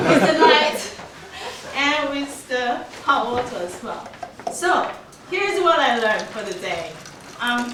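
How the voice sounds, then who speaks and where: Woman in her 40s, club storyteller; higher voice, lively and laughing, noisy recording. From Taiwan. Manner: laughs often, lively telling with small grammar slips. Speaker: club speaker. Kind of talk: prepared storytelling speech. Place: meeting room. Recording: echoey room from far off, noisy.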